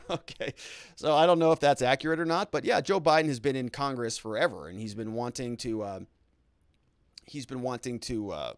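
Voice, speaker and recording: A man's voice: medium pitch, moderate pace, clear, resonant tone, no echo, studio quality. A man hosting a live-stream show, reading viewer comments aloud and answering them in a chatty, unscripted way with frequent restarts.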